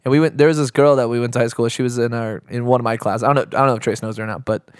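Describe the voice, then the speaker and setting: A man's voice: mid-range voice, steady tone, rapid-fire, smooth, dry recording, clean studio sound. Chatty young man telling a story. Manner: chatty storyteller, many 'like's. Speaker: podcast co-host. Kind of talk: casual podcast chat.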